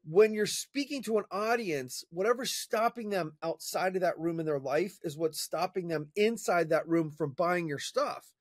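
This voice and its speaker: A man's voice: high voice, normal speed, few pauses, dry recording. Chatty man telling a story, dry sound. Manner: energetic, chatty storyteller with fillers and restarts. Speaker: interview guest, professional speaker. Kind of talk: casual storytelling in conversation.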